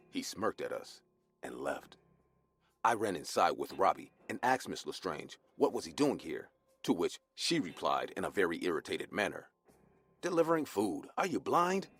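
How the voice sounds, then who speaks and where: A man narrating a scripted horror story in a lively, expressive way. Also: low voice, slightly rough.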